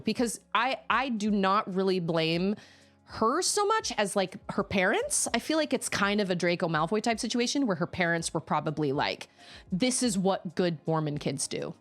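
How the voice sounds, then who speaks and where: A woman gaming streamer in casual, rambling storytelling, acting out the people she quotes. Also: medium pitch. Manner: animated, acts out other people's voices in quotes; chatty, rambling, with many restarts.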